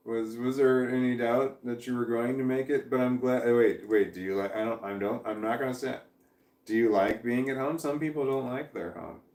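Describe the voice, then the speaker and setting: A man's voice: medium pitch, a little mellow. A man hosting a casual live stream, rambling as he reads chat messages aloud and laughs often, his voice prone to cracking when tired. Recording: echoey room, distant from the mic.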